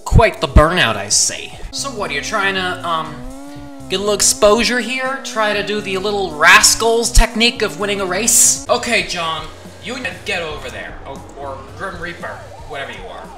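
A woman commentating on a game she is playing, playful and excitable, talking to the characters on screen. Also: mid-range voice, normal speed. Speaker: gaming channel host. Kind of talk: let's play commentary. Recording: music playing under voice. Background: background music.

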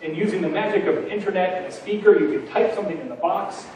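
A man giving a conference keynote, punchy and energetic, full of rhetorical questions. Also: high voice, fast, heavy reverb, distant mic, a little hiss or hum, rough recording. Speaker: keynote speaker. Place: large conference hall.

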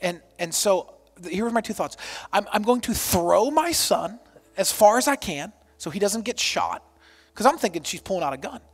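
A man in his thirties preaching a storytelling sermon as pastor, animated and self-deprecating, acting out quotes loudly. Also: high-pitched, moderate pace.

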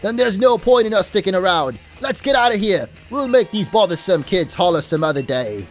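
A man voicing a rowdy young punk gang member in a game, with a put-on mixed British accent and a gruff, scolding manner. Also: sits high, lively intonation, a little fast, soft background music.

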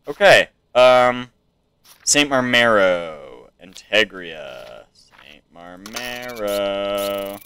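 An American man chatting through a let's play, mostly thinking aloud to himself. His voice is bright and clear, and he unhurriedly takes his time. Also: medium pitch, takes it slowly, pauses often. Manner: musing, talking to himself. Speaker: gamer.

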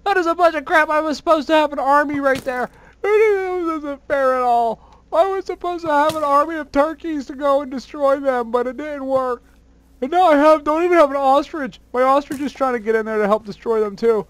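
A gamer commenting on their own play in a very high voice. They exclaim constantly, whine when things go wrong, and poke fun at their own mistakes. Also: a little fast, slight background noise. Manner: excitable, exclaiming and whining at the game; self-mocking.

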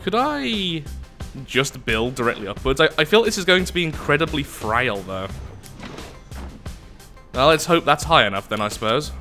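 A man's voice: fairly high pitch, big pitch swings, moderate pace, pauses often, sharp tone, faint music behind. A man giving casual, jokey let's-play commentary, reading on-screen text aloud and exclaiming. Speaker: gameplay commentator.

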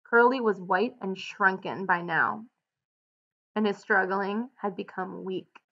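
Woman teacher, read-aloud with clear explanatory annotations, slightly muffled recording. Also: medium pitch, takes it slowly, pushed and bright.

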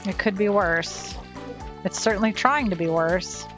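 A woman's voice: medium pitch, a little slow, over music. A sleepy woman chatting casually while she plays a farming game, yawning now and then and asking questions. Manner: drowsy, yawning, chatty, talks softly to pets. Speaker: streamer playing a farming game. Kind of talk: casual gameplay chat.

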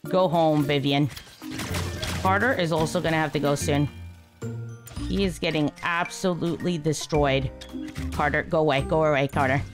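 A woman runs a gaming channel and gives casual let's-play commentary. She sounds exasperated, swinging between high yelps and low mutters.

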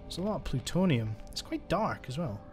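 A man's voice: a little high, sing-song, a little fast, a little mellow, soft background music. A young man giving chatty, exasperated let's-play commentary as he plays, talking to himself. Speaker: gaming channel host.

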